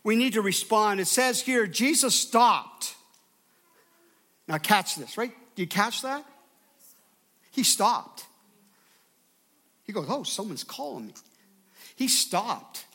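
Pastor guy preaching, high bright voice, punchy, keeps asking the church for an amen. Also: expressive, slow, pauses often. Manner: emphatic, calls out to the congregation. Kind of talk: sermon.

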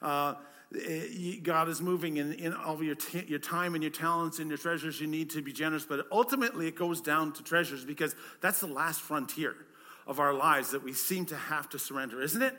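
A male pastor delivers a conversational sermon. His voice sits high and sounds strikingly bright. He leans on rhetorical questions and often repeats words as he goes. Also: fairly quick.

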